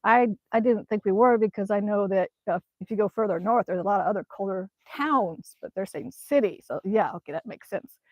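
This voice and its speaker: A woman's voice: medium pitch, brisk, few pauses, no room sound. A woman chatting casually on a live stream outdoors in winter, rambling with many ums as she reads the chat. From Alaska. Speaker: vlogger reading live chat. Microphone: phone camera.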